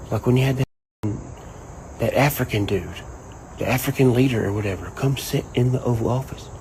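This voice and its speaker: A man ranting casually and profanely, rambling and animated. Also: mid-range voice, moderate pace, creaky, long pauses, slight background noise, rough recording. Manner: profane, rambling, animated, quotes people in mock voices. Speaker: online commentator. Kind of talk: casual rant to camera.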